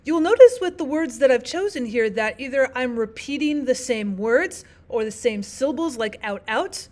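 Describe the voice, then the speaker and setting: A woman teaching a recorded lesson, explaining terms step by step in a clear, methodical way and repeating the key points. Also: high voice, animated, moderate pace, darkish tone.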